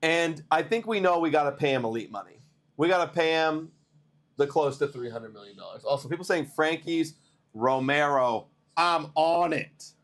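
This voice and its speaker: A man hosting a live baseball stream, chatting to viewers and reading trade news in a rambling, excitable way while tired. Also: fairly high pitch. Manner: excitable, rambling, talks to chat. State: tired, yawning. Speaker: baseball livestream host.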